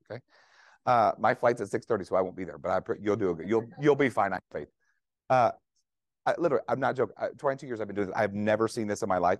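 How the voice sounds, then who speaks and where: In a mid-range voice, recorded at studio quality with no room sound, a man who is a veteran trauma nurse lectures a conference of clinicians. He keeps it conversational and jokey, often putting questions to the room.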